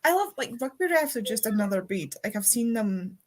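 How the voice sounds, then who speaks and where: Hosting a readathon livestream, a young Scottish woman with a Scottish accent chats casually and rambles through anecdotes, now and then swearing. She talks briskly in a sing-song voice on the high side.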